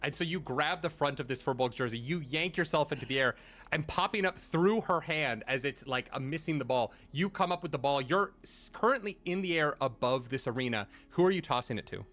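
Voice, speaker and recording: A man narrating as game master, animated and laughing, with many fillers. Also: on the high side, a little fast.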